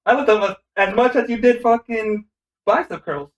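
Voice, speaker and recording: A man's voice: high-pitched, moderate pace, echoey room, low-quality recording. A man co-hosting a podcast in casual chat, brash, profane and joking. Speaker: podcast co-host.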